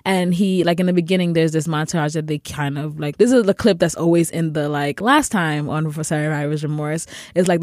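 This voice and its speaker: Woman co-host; lowish, dry-sounding, gushing and rambling. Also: brisk, few pauses, darkish tone, dry recording. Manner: enthusiastic, rambling, many "like"s and laughs. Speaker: podcast regular, co-host. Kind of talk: casual chat.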